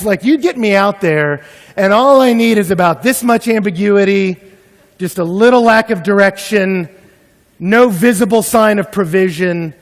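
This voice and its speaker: A man preaching a sermon as a pastor, telling a personal story in an animated way and acting out his own panic. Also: high-pitched. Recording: long hall reverb.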